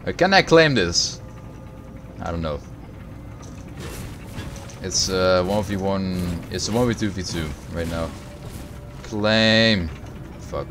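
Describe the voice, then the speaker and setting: A young man livestreaming a video game, chatting with viewers, swearing and reacting loudly to the game. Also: deep voice. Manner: profane, reacts loudly to the game, answers chat. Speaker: streamer. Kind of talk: casual gaming livestream chat.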